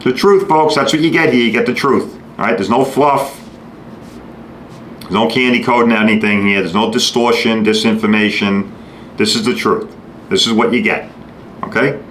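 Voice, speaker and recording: A man's voice: lowish voice, a bit bright. Blunt, ranting New man. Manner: acts out customers and shop staff in quick quoted bits. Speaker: podcast host. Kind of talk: opinionated monologue. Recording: echoey room with faint noise.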